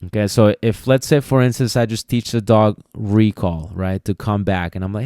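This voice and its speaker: A man's voice: on the low side, steady tone, moderate pace, hardly any pauses, warm tone, clean tone, no echo, studio quality. A man hosting a podcast, explaining dog training in a casual, repetitive way and sometimes acting out commands. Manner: explanatory, repeats himself, acts out commands. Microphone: podcast mic.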